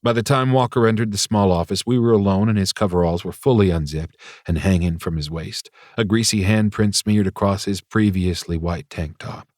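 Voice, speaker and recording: A man's voice: low voice, moderate pace, few pauses, darkish tone, no echo, clean studio sound. A man narrating a first-person audiobook in a wry, confiding inner-monologue manner.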